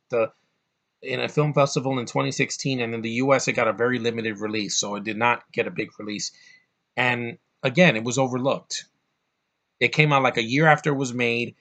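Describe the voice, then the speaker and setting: Bright-voiced man ranting about a movie. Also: mid-range voice. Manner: rambling, profane, fired-up. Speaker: movie reviewer. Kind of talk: casual movie review vlog.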